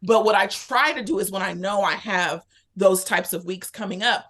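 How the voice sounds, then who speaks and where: A woman, a podcast guest, telling a personal story in a candid, animated way, acting out her own thoughts as she goes. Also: mid-range voice, moderate pace, a crowd in the background. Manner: animated, candid, lively retelling with quoted inner thoughts. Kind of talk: casual conversational storytelling.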